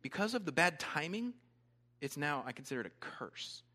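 A pastor voicing God with a dry, matter-of-fact delivery. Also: male voice, a little high, big pitch swings, moderate pace, pushed and bright, long reverb tail, heavily acted. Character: God, a calm grown male voice.

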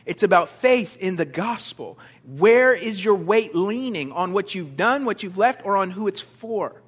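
A male pastor preaching an animated sermon, swinging from emphatic points to soft, quiet prayer. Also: sits high, a little slow, breathy edge.

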